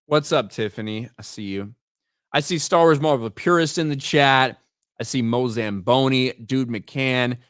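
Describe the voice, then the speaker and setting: A man's voice: medium pitch, a bit bright, clear, resonant tone, dry recording. A man hosting a live stream, talking in blunt, profane commentary and reading out names from his chat. He often stumbles and repeats words as he gets going. His voice sits in a middle range, and the recording is dry with no room sound. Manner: reads chat names and donations aloud. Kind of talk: casual livestream commentary.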